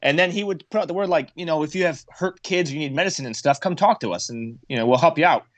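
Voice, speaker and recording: Brief: male podcast guest, lively storyteller, slightly high voice, dry close sound. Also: fast talker, dry recording. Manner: animated, acts out quotes in raised voices. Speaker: podcast guest, former Marine. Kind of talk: casual storytelling.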